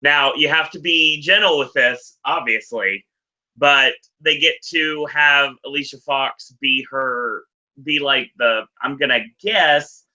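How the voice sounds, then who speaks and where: A man's voice: a little high, slow pace, bright, forceful tone, muffled recording. A man hosting a podcast in casual chat, rambling and correcting himself as he goes. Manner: rambling, self-correcting, laughs easily. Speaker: podcast host. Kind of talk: casual chat recapping wrestling.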